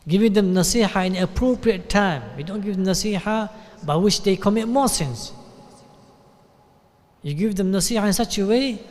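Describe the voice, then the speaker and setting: A man with a British accent giving a sermon at a mosque, talking conversationally and often checking in with a quick "yeah?". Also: high-pitched. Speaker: sheikh giving a talk. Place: mosque hall. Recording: long hall reverb.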